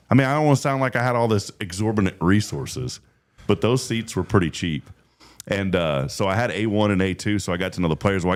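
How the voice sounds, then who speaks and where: A man hosting a morning radio show, telling stories in quick, animated bursts and laughing often. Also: deep voice. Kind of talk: casual radio chat.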